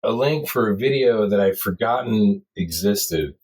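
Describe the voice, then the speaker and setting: A man's voice: fairly low pitch, animated, measured pace, darkish tone, slightly rough, rough recording. A man co-hosting a podcast, chiming in with side comments in a casual chat. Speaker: podcast co-host. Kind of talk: casual movie review chat.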